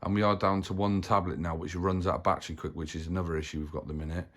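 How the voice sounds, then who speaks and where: Talking to camera for his family vlog, a parent with a low-sitting, slightly bright voice races along in a flat delivery. His casual chat is rambling and matter-of-fact.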